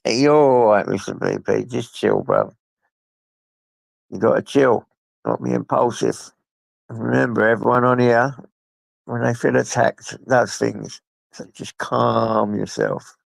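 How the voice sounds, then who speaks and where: A man's voice: medium pitch, steady tone, takes it slowly, vocal fry, long pauses, dry recording. A man chatting casually on a live stream from his phone, rambling and talking to his pets, with a blocked nose from a coming flu. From England. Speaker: livestreamer.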